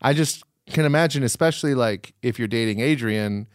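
A man's voice: mid-range voice, a little fast, smooth, no echo, clean studio sound. A man casually recapping a TV show with a co-host, sarcastic and swinging into mock outrage. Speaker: podcast co-host.

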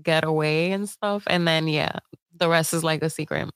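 A young adult woman co-hosting a casual livestream, talking in a halting way with many fillers. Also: sits low, fairly even intonation, clear, resonant tone, no echo, clean studio sound. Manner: slow, halting, filler-heavy. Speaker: co-host.

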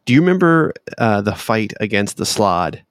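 A man's voice: on the low side, big pitch swings, normal speed, no room sound, clean studio sound. A man narrating as game master of a tabletop game, talking hesitantly with many fillers.

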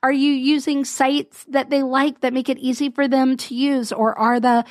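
A woman's voice: high-pitched, flat delivery, normal speed, dry recording. Woman, business coach, solo podcast chat, rambling and laughing, dry recording. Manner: chatty, rambling, self-interrupting with little laughs. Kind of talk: casual solo podcast talk.

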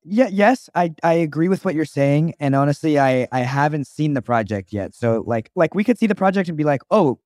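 A young man co-hosting a casual podcast, his voice sitting a little high. He rambles, stops and restarts his thoughts, and fills the gaps with "like." The sound is dry and close to the mic. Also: lively intonation, brisk, few pauses, a little mellow, no echo. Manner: rambling, restarts often, says "like" a lot. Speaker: podcast co-host, actor.

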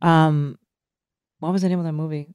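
Forties actress telling a story, lowish voice, lots of restarts, dry mic. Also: female voice, normal speed, smooth, no room sound. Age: 40s. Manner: animated, frequent restarts and asides. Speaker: actress guest. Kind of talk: candid storytelling.

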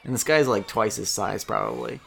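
A man's voice: lowish voice, brisk, gravelly, fairly bright tone, slightly rough. A man narrating a tabletop game as game master, chatty and laughing often.

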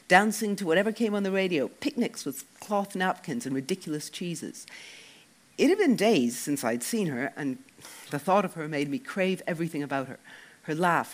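Wry, animated male narrator. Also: on the high side. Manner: wry, expressive. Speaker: audiobook narrator. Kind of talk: first-person novel narration.

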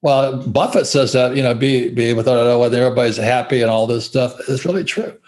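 A man in his seventies from Hawaii, guesting in an interview, tells blunt stories at a quick clip in a mid-range voice. He swears freely, gets animated, and laughs as he talks.

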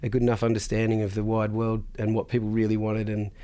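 A man's voice: lowish voice, completely flat delivery, fast, mellow. A man, a podcast guest, telling a long business story in a loose, chatty way, swearing freely and laughing often. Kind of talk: casual storytelling.

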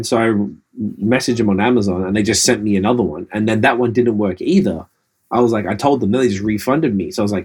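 Podcast co-host man, quick and husky, low-ish voice, rambling profane stories. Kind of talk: casual chat.

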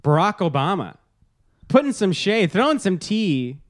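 A man's voice: high voice, very animated, unhurried. A man co-hosting a casual sports podcast, joking and laughing often as he talks. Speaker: podcast co-host.

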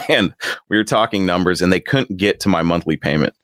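A man's voice: deep voice, fairly quick, no echo, studio quality. A man casually telling a story, acting out the voices in it and laughing as he goes. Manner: animated, acts out quotes with laughs.

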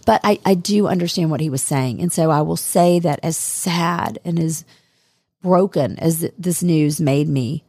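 A woman's voice: low-pitched, measured pace, darkish tone, breathy edge, no echo, clean studio sound. A woman chatting casually on a podcast, reminiscing about a friend with many fillers and restarts.

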